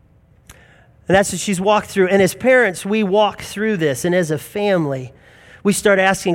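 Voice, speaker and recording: A man's voice: high-pitched, lively intonation, normal speed. A man in his forties preaching a sermon in an earnest, emphatic storytelling manner. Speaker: pastor.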